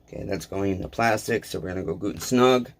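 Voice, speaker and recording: A man's voice: low-pitched, quick pace, creaky, slight background noise. A man talking casually to his viewers while he repairs a chainsaw, blunt and self-deprecating, with rambling asides. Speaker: small engine repair vlogger.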